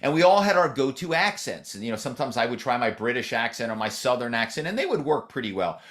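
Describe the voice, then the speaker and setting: A man's voice: medium pitch, very animated, fast, fairly bright tone. Rambling man giving an interview. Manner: rambling, many "you know" fillers and restarts. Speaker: podcast guest, author. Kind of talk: conversational interview.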